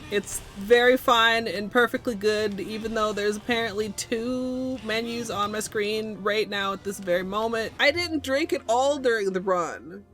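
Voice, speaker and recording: A woman's voice: mid-range voice, a little slow, hardly any pauses, a bit bright. A woman streaming live, chatting casually with silly, crude jokes. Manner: silly, crude, jokey asides. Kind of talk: casual livestream chat.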